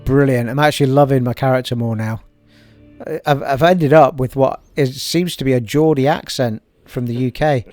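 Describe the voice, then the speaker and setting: A man's voice: medium pitch, fairly even intonation, normal speed, darkish tone, no room sound, soft background music. A man commenting on his video game play, cheerful and thinking aloud as he reads menus. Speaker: gaming streamer.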